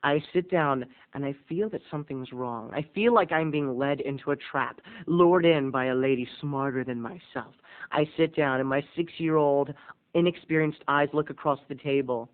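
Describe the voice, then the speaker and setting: Man, high voice, comic storytelling vlog, theatrical swings from booming to hushed, tinny phone-like audio. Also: normal speed. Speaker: vlog host.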